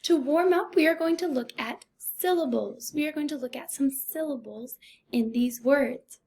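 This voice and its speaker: A woman teaching a recorded first grade phonics lesson, speaking slowly and deliberately in an encouraging teacher's way. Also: high-pitched, darkish tone.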